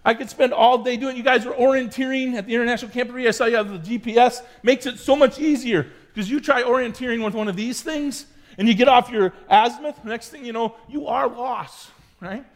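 A man's voice: extremely high pitch, a little fast. A middle-aged man preaching to young cadets, telling a personal story with chatty asides to the audience. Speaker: youth pastor. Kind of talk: sermon to youth cadets.

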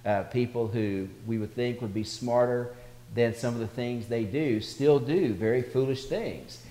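A male pastor preaching to a congregation from a reverberant hall, his voice ringing on with a long tail of echo. He tells stories in a steady voice of middling pitch and swells in volume as he draws his points out. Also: unhurried. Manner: storytelling preacher, builds in volume for anecdotes. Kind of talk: sermon. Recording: echoey hall.

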